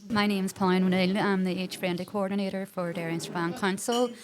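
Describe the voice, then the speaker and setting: A woman's voice: mid-range voice, fairly even intonation, fairly quick. A woman, a council coordinator, speaking hesitantly in a casual interview. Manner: hesitant, many "um" and "I think". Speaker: council age friendly coordinator. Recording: background chatter of a group.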